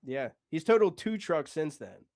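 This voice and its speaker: Man, casual storytelling, swearing, acts out dialogue, higher voice, dry recording. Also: lively intonation, moderate pace, a little mellow, no room sound.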